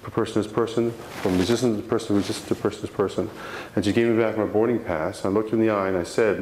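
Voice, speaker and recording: Lively low-voiced male storyteller in hall. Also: fast. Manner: animated storyteller, acts out quotes, frequent restarts. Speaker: motivational speaker. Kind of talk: live motivational talk with personal storytelling. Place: room with a live audience. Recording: roomy hall sound, faint background noise.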